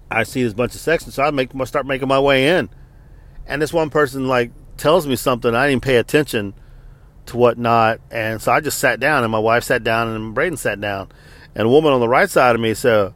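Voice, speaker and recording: A man's voice: mid-range voice, a bit bright, no echo. A man in his forties and army veteran telling a story in a casual, profane and exasperated rant.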